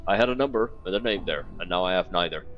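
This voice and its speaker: A forlorn, lost stranger with no name, read by a man in a low, solemn, plaintive tone. It sounds like game dialogue read aloud on a stream, with a dull, lo-fi sound and faint music behind. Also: quick pace, lightly acted.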